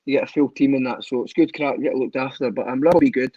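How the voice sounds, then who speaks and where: A Scottish man, a footballer guest, telling lively, profane stories in a casual podcast chat. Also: mid-range voice, quick pace, slightly rough, no echo, muffled recording. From Scotland. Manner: lively storyteller, swears, laughs often.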